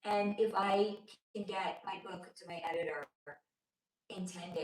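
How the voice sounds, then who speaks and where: Her voice nearly gone and her throat sore, a livestream host and spiritual reader in Los Angeles chats affectionately with viewers from home, reading chat aloud. The mid-range voice is steady and a little slow, recorded roughly in an echoey room.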